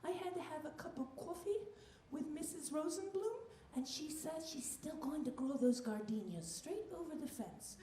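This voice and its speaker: A woman voicing a fussy, frail elderly grandmother who talks softly and quickly. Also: high-pitched, lively intonation, a little hiss or hum, voice pushed up. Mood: fretting. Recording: echoey club room.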